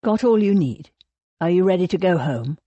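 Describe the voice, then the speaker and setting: A woman's voice: animated, normal speed, warm tone, husky, dry recording, highs cut off. A woman reading an audiobook voices a guarded young naval officer who answers in short, clipped lines. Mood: curt. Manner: curt, clipped, low.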